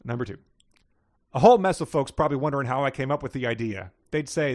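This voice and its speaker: A man's voice: mid-range voice, expressive, fast talker, a little mellow, no room sound, clean studio sound. A man co-hosting a comedy podcast, reading book passages aloud in a folksy Southern-style drawl and chuckling at them. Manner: reads in a folksy drawl, laughing at the text. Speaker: podcast co-host.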